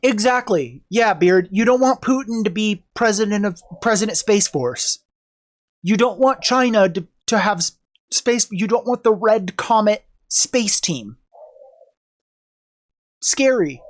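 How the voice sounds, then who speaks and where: A woman's voice: mid-range voice, lively intonation, takes it slowly. A woman streamer with a cold, chatting casually on a livestream, joking and swearing as she rambles. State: sick with a cold.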